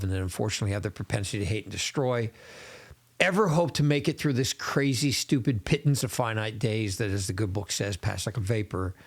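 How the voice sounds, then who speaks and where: Gravelly earnest male podcast host. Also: mid-range voice. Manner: earnest, measured, literary. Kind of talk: reflective podcast monologue.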